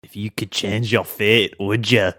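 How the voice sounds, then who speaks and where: A man's voice: fairly low pitch, steady tone, a little slow, sharp tone. A man playing a tabletop game, teasing and mocking the other characters in a jokey way. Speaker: player.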